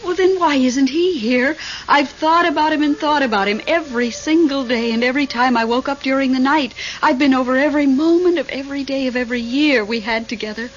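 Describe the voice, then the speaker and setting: An actress playing a lonely, nervy widow in an old radio drama, talking in a fretful, breathless way. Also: female voice, sits high, brisk, close to an everyday voice. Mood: pleading. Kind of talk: 1970s radio drama acting. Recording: muffled old radio broadcast, faint hiss.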